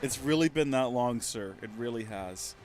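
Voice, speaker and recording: A streamer in his thirties talks at normal speed in an expressive, medium-pitched voice with a darkish tone, and there's a little hiss or hum on the recording. His let's-play chatter is casual, rambling, and self-mocking.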